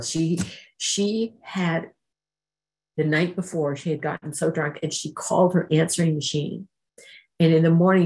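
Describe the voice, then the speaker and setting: In a medium-pitched, gravelly voice with a darkish tone, a Canadian speaker shares an emotional personal testimony at a recovery meeting, voicing remembered people while telling the story. The recording is low quality.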